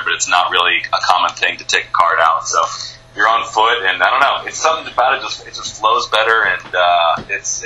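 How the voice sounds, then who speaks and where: Male radio guest, American, low and sharp-toned, enthusiastic and rambling. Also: a little hiss or hum, low-quality recording. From United States. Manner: rambling, enthusiastic, many restarts. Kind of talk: casual interview chat.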